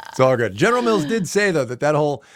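A man's voice: fairly high pitch, big pitch swings, fast, no room sound, studio quality. A man co-hosting a podcast in casual, jokey chat. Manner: jokey, bantering. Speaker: co-host.

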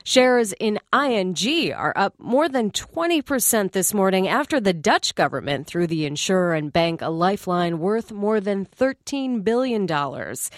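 A woman hosting a morning business news radio show, reading the headlines in a brisk, conversational way with wry asides. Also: lowish voice, no room sound, studio quality. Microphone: studio microphone.

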